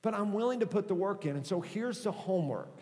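A middle-aged male pastor giving a conversational, animated sermon. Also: high voice, fast. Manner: conversational, animated preaching with acted-out quotes. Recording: hall reverb.

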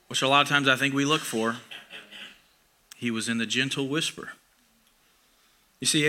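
A young man preaching a sermon in a conversational, self-deprecating way, booming loud for emphasis and then dropping to a soft near-whisper.

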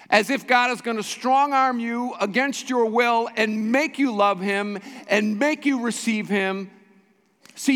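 A man's voice: very high-pitched, fairly bright tone, in a large hall. A man preaching a sermon as pastor, pressing his points with emphatic repetition. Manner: emphatic preaching with repeated phrases. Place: church sanctuary.

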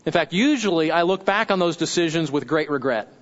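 Male pastor with a high voice, preaching conversationally, on a dull lo-fi recording. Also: lively intonation, a little fast. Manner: conversational, asks the congregation questions. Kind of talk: sermon.

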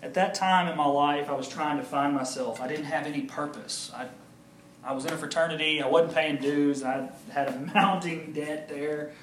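Male pastor sharing his own story, animated, slightly high voice, echoey room. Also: normal speed, slight background noise. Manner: animated, acts out quoted voices. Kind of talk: personal testimony storytelling.

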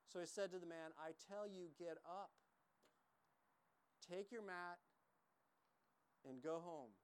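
A man's voice: high-pitched, takes it slowly, clear, resonant tone. A man preaching a sermon, emphatic and repetitive, acting out quoted lines as he teaches. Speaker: pastor.

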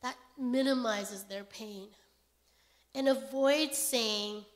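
A woman preaching a sermon in a gentle, unhurried way, often pausing to check in with "okay?". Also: fairly high pitch. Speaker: pastor.

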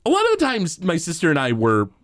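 Lively man in casual podcast chat. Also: fairly high pitch, fast, dry recording, clean studio sound. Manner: animated storyteller who acts out quoted characters. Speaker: podcast co-host.

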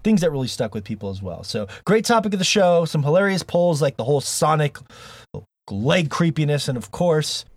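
A man's voice: on the high side, very animated, fairly quick, dry recording. A man hosting a gaming podcast in casual chat, joking, rambling and laughing often. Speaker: podcast host.

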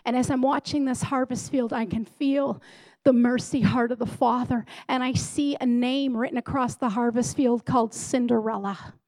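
A woman in ministry giving a lively personal testimony to a congregation, acting out the dialogue as she tells it. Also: a little high, moderate pace, dry recording, low-quality recording. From Canada. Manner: animated storyteller who acts out dialogue. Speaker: ministry leader.

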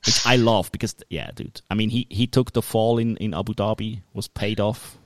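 A man co-hosting a casual podcast, talking in an animated way with lots of restarts. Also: on the low side, normal speed, no room sound. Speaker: podcast co-host.

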